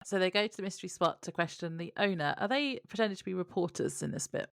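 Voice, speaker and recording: Brief: woman, slightly low voice, plain summarizing podcast chat, dry close mic. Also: fast, creaky, no echo. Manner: matter-of-fact summarizing, laughs often. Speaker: podcast co-host. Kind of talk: casual chat, reading episode summary notes.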